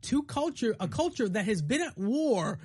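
Female co-host, husky and lively, pushes her point hard in a heated chat. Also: a little high, normal speed. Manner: emphatic, stumbling restarts. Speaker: podcast co-host. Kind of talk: heated casual debate.

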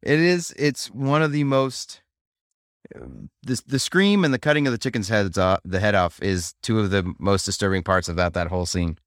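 Podcast co-host: a man with a lowish voice, easygoing, dry sound. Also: normal speed, no room sound. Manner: laid-back, laughs along, brief replies. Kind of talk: casual chat about a film.

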